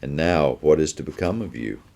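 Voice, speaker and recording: A man voicing a serious, gentle minister, reading from a children's storybook. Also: rumbling low, expressive, vocal fry, heavily acted. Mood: earnest. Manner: earnest, measured. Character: earnest male Scottish minister, gentle and serious.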